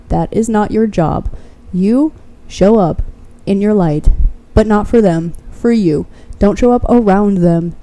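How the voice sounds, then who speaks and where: A woman's voice: medium pitch, dark tone. A woman giving a pick-a-card tarot reading straight to the viewer. She is blunt and fervent, swears freely, and keeps encouraging the listener.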